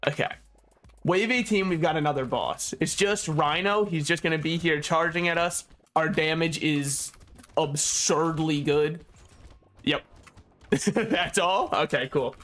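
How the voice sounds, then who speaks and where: A man's voice: on the high side, a little slow, a bit bright, soft background music. A young man casually commentating a game he is playing, rambling and joking with frequent laughs. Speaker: gaming YouTuber.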